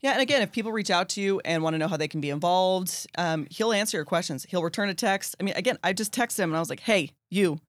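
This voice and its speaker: Higher-voiced guy hosting a podcast, gushing and thankful, dry close sound. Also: fast, few pauses, no room sound. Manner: effusive and grateful, repeats words when excited. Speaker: podcast host. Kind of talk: casual interview chat.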